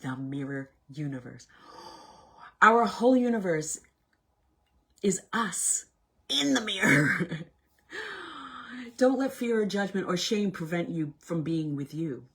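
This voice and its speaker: A woman leads a self-help workshop with a casual motivational talk, her voice fairly low, slightly rough, slow, and full of pauses. She is animated, swinging between loud bursts and hushed, near-whispered lines.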